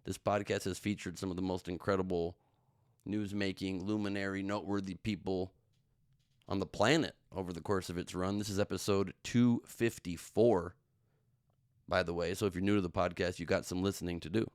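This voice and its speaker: A middle-aged man hosts his own comedy news podcast in a slightly low, smooth, resonant voice. He rambles from joke to joke, tossing in self-mocking asides. The sound is close and dry. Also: fairly even intonation, normal speed, long pauses, dry recording. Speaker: podcast host.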